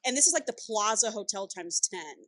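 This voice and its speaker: A woman on a casual book podcast retells a novel's plot, her voice bright and forward. She swears freely and drops into the characters' voices as she goes, keeping the pace lively. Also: medium pitch, brisk, slight background noise. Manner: animated storyteller, swears freely, acts out characters' lines. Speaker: podcast co-host. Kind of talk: casual book-club chat.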